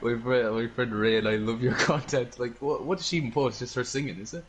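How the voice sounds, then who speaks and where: A man's voice: mid-range voice, a little fast, slight background noise. A man chatting in a laid-back way and swearing casually while reacting to clips. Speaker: co-host.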